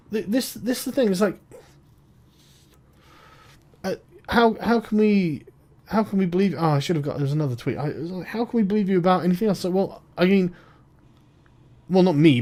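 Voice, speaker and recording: A man's voice: high voice, mellow. A man ranting in an exasperated, profane and rambling way, with many false starts. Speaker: online commentator. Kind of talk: ranting video commentary.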